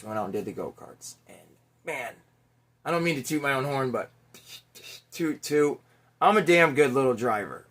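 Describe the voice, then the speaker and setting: A middle-aged man telling a Father's Day story in a casual, animated way, swearing now and then and acting out the people in it. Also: mid-range voice. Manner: animated, chatty, swears casually, mimics voices in anecdotes. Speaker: toy collector vlogger, father.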